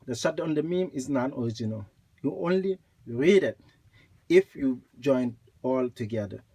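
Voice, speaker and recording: A man teaching Quran recitation rules, explaining slowly and repeating points, with recited examples. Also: mid-range voice, lively intonation, dark tone, slightly rough.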